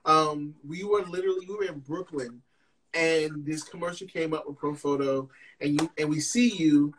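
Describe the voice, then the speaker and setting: A man's voice: fairly high pitch, moderate pace, a bit bright, slight background noise, poor audio. A man co-hosting an interview, chatting casually and animatedly, repeating phrases and using slang. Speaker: podcast co-host.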